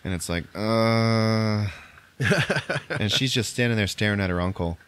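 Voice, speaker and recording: A man with a slightly low voice hosts a casual movie podcast and retells a film scene by scene. He drops into quick impressions of the characters and laughs often as he goes. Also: animated, fairly bright tone, no room sound. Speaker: podcast host.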